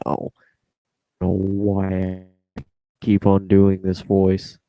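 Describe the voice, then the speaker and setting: Slow, mellow-voiced man muttering to himself. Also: sits low, monotone, dry recording. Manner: rambling, self-deprecating, hums to himself. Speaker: podcaster editing his show. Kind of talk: casual mumbled self-talk.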